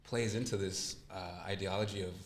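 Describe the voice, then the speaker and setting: Deep-voiced man, earnest storyteller. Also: fairly even intonation, moderate pace, echoey room. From California. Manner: earnest, reflective storytelling with acted quotes. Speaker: guest. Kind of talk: casual interview chat.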